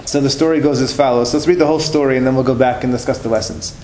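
Man, religious teacher telling stories to a class, mid-pitched voice, roomy room with faint hiss behind. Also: steady tone, racing, darkish tone. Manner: conversational, repeats and restarts phrases.

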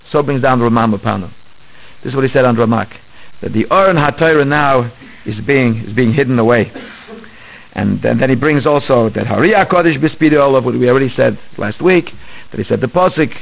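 A man's voice: medium pitch, vocal fry. A man giving a religious study lecture, explaining earnestly and weaving many Hebrew terms into his English. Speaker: Torah teacher. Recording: tinny phone-line sound.

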